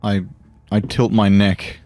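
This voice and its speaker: A man's voice: on the low side, little pitch movement, slow, a little mellow, no echo. A man in his forties playing a tabletop game, stumbling and hesitating as he describes his character. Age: 40s. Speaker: player.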